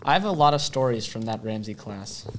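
A teenage boy hosting a casual podcast chat, telling stories with lively voices for the people in them. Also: on the low side, fairly quick, noisy background. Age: teens. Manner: animated storyteller, does voices of others.

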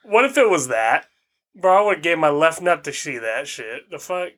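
A young man with a fairly high, bright voice full of lively swings in pitch. He chats as a podcast co-host, jokes around and swears. His reactions are loud and animated. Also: normal speed. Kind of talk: casual chat.

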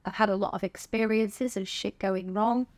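A middle-aged woman with a southern English accent talks openly in a relaxed interview. Her voice sits at an ordinary middle pitch, and she swears casually and laughs easily as she speaks. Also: moderate pace. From England. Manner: frank and chatty, swears casually, laughs often. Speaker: podcast guest, stand-up comedian. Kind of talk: candid conversational interview.

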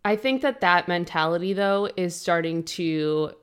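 A young woman co-hosting a book podcast, chatting in a relaxed, casual way, with lots of "like" and "um". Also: lowish voice, a little slow, smooth. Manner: relaxed, fillers like "like" and "um". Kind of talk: casual chat.

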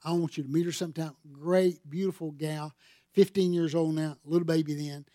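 A man's voice: fairly even intonation, brisk, no room sound. An older man, preaching a sermon in church and telling stories with emphatic swells in force. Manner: emphatic storytelling, swelling louder and higher on key points. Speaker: pastor. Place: church sanctuary.

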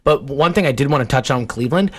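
A man's voice: mid-range voice, animated, fast talker, fairly bright tone. A young man co-hosting a sports podcast, ranting in an exasperated way about rude fans in casual chat.

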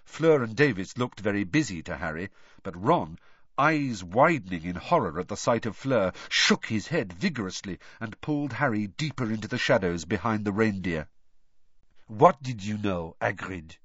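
A man narrating an audiobook with an expressive, varied storytelling delivery. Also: fairly low pitch, moderate pace, no room sound. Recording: dull lo-fi dry audio.

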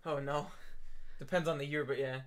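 A man's voice: a little high, steady tone. A man co-hosting a podcast in casual chat, joking around and laughing often. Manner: giggly, jokey, quick to laugh. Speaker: podcast co-host.

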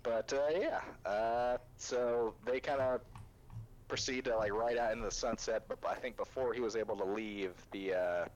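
A young man casually recapping an anime, laughing and filling in quick character voices as he retells scenes. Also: mid-range voice, steady tone, poor audio.

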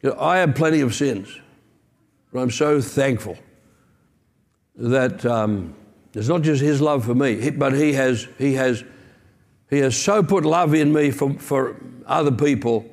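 A man's voice: medium pitch, a little slow, pauses often, darkish tone. A man preaching a sermon as pastor, earnest and emphatic, with conversational asides.

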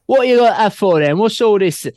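An Irish man doing a put-on English bloke, pitched up and a bit louder than his own voice, tossing out teasing, mock-innocent questions. The voice is dry and close, with little room around it. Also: expressive, moderate pace, no echo. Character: Irishman faking a cocky English bloke, quizzing a stranger.

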